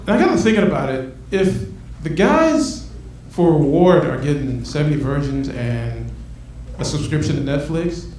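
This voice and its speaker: A man performing a stand-up comedy set, animated, acting out his bits and swinging between loud and soft. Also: on the high side, normal speed. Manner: animated, acts out bits with shifting loudness. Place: comedy club stage. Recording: echoey room from a distant mic, noisy.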